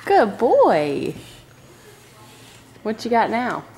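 Brief: mom behind a home camera, slightly high voice, slow and gently coaxing her toddler. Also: huge pitch swings, gravelly, a little hiss or hum. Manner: coaxing, encouraging, sing-song baby talk. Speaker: mother filming her toddler. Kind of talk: home video, talking to a toddler. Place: at home indoors.

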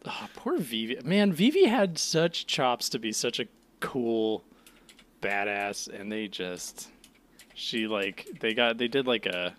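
A man's voice: medium pitch, slow. A man co-hosting a casual podcast chat, laughing often and swearing freely. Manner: laughing, profane, animated. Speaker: podcast co-host.

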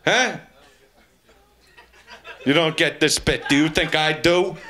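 A man's voice: a little high, slow, pushed and bright, a little hiss or hum. A man doing live stand-up comedy on a club stage, crude and taunting the audience as he keeps repeating the same pun into a handheld mic.

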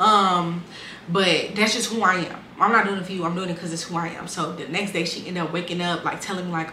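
A woman's voice: fairly low pitch, little pitch movement, fairly quick, bright, forceful tone. A young woman, telling her life story casually and bluntly, swearing freely and acting out what people said. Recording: echoey room with faint ambient noise.

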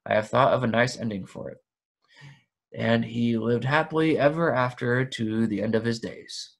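A man voicing a fussy, possessive elderly male hobbit who rises to sharp, excited outbursts. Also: medium pitch, moderate pace, creaky. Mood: wistful.

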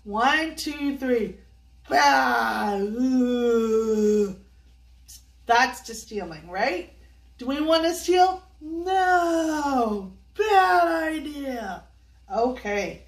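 A woman's voice: high-pitched, big pitch swings, drawn-out words. An older woman reads a picture book to children, asking them sing-song questions and coaxing them along. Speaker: children's storyteller. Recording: echoey room, voice from a distance.

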